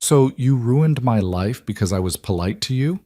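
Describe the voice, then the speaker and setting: A man's voice: medium pitch, lively intonation, moderate pace, mellow, no room sound, studio quality, natural voice. A man voicing a trapped young woman who answers in cutting, bitter retorts. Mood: defiant.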